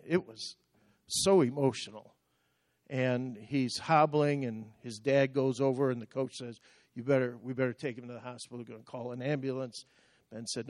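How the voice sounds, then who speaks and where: An older man preaching a sermon, telling personal stories with sudden loud bursts. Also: mid-range voice, no echo, clean studio sound. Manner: storytelling with sudden loud outbursts. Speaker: pastor.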